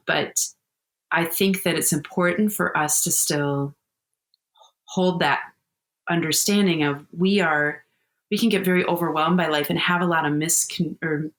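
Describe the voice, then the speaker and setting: Middle-aged woman telling candid stories. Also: low-pitched. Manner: warm, candid storytelling with frequent laughs. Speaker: podcast guest. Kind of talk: casual conversational interview.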